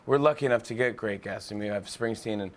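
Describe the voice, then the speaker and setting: A man chatting as a talk show guest, telling animated stories with many quick restarts. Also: lowish voice. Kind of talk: casual chat.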